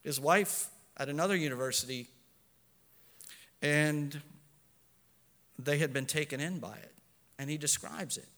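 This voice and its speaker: Earnest preacher man in a reverberant church. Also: high voice. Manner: earnest, swings between soft asides and loud emphatic lines; self-correcting, with fillers. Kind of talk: sermon.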